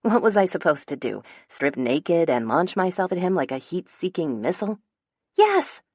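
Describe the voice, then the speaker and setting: A young woman reads a first-person romance audiobook. Her natural voice sits low, and she lifts it brightly for the chatty friends in the scene. The recording is dry and close, with no room sound. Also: normal speed, husky, no echo. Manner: lively, voicing bantering friends with raised pitch. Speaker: audiobook narrator.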